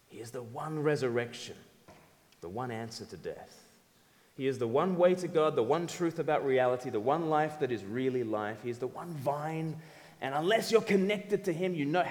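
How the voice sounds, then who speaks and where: A man preaching a sermon in a lively, conversational way, asking the audience questions. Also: on the high side. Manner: animated, conversational, audience-engaging. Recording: reverberant hall.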